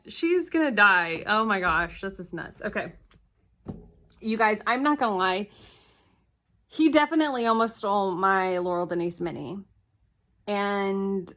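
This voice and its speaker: A young woman talks straight to the camera set on her table at home. Her voice is bright and forward, and her talk is chatty and scattered, full of quick corrections. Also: medium pitch, lively intonation. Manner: chatty, flustered, rambling with self-corrections. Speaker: planner vlogger.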